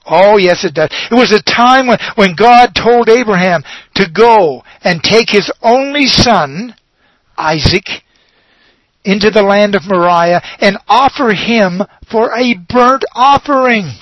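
A man preaching a sermon, slow and emphatic, leaning on dramatic pauses and repeated words. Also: sits high, expressive, fairly bright tone, no room sound, poor audio.

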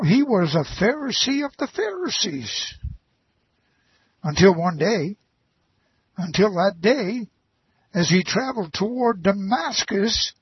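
A man preaching a folksy sermon, drawn out and slow, with homespun asides. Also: high voice, breathy edge, no echo, muffled recording.

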